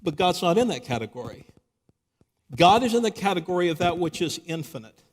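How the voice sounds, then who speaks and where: In a large church hall, a high-voiced man gives a live Christian apologetics talk, speaking a little fast in a sing-song way. He narrates a story as he goes and keeps posing rhetorical questions to his audience, with a long reverb trailing each phrase.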